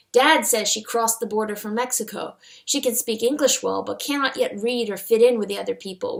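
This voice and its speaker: A woman's voice: mid-range voice, gravelly. Wry woman mocking her own writing. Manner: wry, self-mocking, sarcastic. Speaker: fanfiction author reviewing her own story. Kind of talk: comedic commentary and reading aloud.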